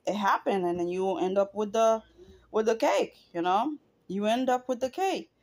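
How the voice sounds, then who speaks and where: Speaking at a moderate pace, a middle-aged vlogger addresses the camera in an expressive, medium-pitched voice with a darkish tone. She delivers a heartfelt personal monologue, repeating points to drive them home.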